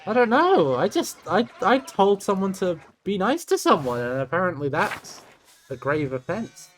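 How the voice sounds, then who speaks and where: A man's voice: high voice, sing-song, moderate pace, a little hiss or hum. Rambling young male game streamer. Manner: rambling, self-deprecating, stammering restarts. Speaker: gaming streamer. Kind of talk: casual let's-play commentary.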